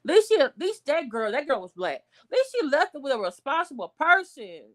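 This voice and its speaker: A woman vlogger giving casual livestream commentary, blunt, outraged and profane, with sudden high outbursts. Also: very animated, a little fast, a bit bright.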